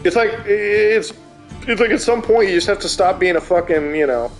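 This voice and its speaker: A man's voice: sits high, normal speed, faint music behind. A man streaming a game, chatting casually and ranting with plenty of swearing. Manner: profane, animated ranting. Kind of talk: casual chat while gaming.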